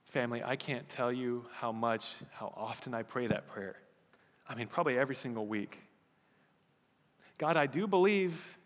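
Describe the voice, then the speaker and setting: Bright-voiced preacher in a reverberant hall. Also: male voice, medium pitch, steady tone, fairly quick. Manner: builds from quiet storytelling to loud fervent pleading. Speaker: pastor. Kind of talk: sermon. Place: church sanctuary.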